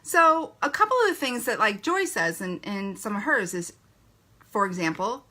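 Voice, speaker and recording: A woman's voice: medium pitch, very animated, normal speed, pushed and bright. A woman giving a live training talk to a sales team, chatty and playful, laughing often and acting out little quotes.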